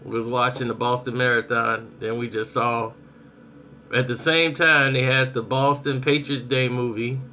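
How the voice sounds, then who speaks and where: Animated man vlogging, bright voice. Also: medium pitch, moderate pace, slight background noise. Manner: animated storytelling, acts out reactions. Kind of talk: casual commentary.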